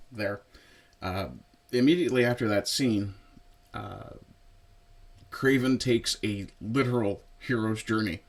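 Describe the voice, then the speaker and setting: A man giving a casual spoken film review in a relaxed, conversational way, with lots of fillers and little asides. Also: on the low side. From Newfoundland, Canada. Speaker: movie reviewer.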